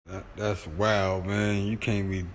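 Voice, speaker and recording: A laid-back man co-hosting a casual podcast, dropping in joking asides. His voice sits low and his delivery is unhurried and drawn out, with faint hiss behind it. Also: level tone, echoey room. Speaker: co-host.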